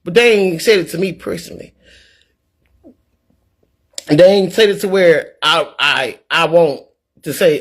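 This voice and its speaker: A woman talking casually to her viewers in a vlog, in an animated, preachy, folksy way. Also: fairly low pitch, measured pace, pauses often. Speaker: vlogger. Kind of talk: casual talk to camera.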